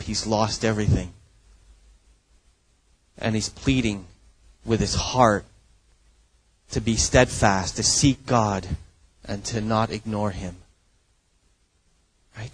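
Preaching as a pastor, a man speaks in an earnest, emphatic manner, frequently tossing in "right?" to check in with listeners. His voice is on the low side and husky, and the recording is rough.

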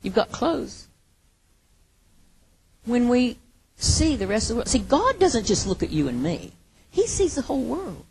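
Husky-voiced woman preaching. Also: on the high side. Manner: earnest, swings from hushed to emphatic. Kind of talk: sermon.

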